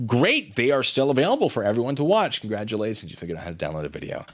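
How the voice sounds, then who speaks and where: A man hosting a livestream, commenting on messages in a mocking, sarcastic way. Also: racing. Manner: lively, swinging pitch. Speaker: livestream host.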